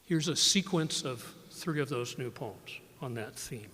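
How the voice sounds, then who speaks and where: An older man from eastern Washington giving a live poetry reading in a library, in a measured, reflective manner. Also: medium pitch, lively intonation, sharp tone. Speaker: guest poet. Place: library event room with audience. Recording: live recording with long hall reverb.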